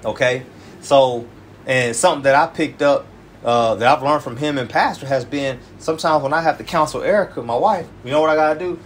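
A man's voice: medium pitch, a little fast, slight background noise. A man who is a church elder, preaching in an informal, emphatic, colloquial way and often tacking "man" onto his phrases. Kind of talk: informal sermon teaching.

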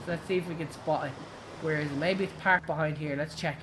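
A young Irish woman giving excitable, giggly live commentary while playing a driving game, shrieking at her crashes. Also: low-pitched, fast talker, noisy background. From Ireland. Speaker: game streamer. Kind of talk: live gaming stream commentary.

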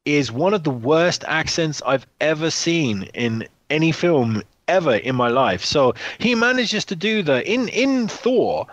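Blunt, animated man on a podcast. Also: on the high side, measured pace, few pauses, dry recording, highs cut off. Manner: blunt, swears freely, many restarts. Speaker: podcast co-host. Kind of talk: casual film chat.

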